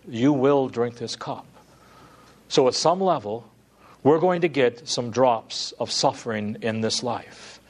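A man preaching a sermon as pastor in a church, moving from quiet, drawn-out words to loud, high, pleading calls.

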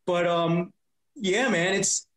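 A man's voice: high-pitched, takes it slowly, rough recording. A man, a comedian known for prank calls, talking as a guest in a casual interview, rambling with lots of restarts and repeated words.

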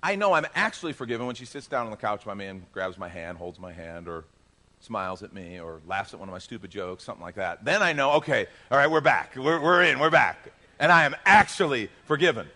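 Bright-voiced male pastor preaching. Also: mid-range voice, big pitch swings, fairly quick. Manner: emphatic preaching, swinging between loud and soft. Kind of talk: sermon.

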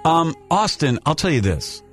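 A man's voice: a little high, big pitch swings, moderate pace, a bit bright, soft background music. A man hosting a radio show, interjecting often and soothing his callers. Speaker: radio host. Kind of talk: morning radio banter. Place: radio studio. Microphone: studio mic.

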